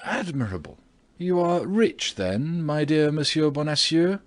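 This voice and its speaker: A man's voice: fairly high pitch, sing-song, a little slow, no room sound, voice pushed up. A man reading a brash young swordsman. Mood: wry. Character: young bold male swordsman, brash and quick-tempered.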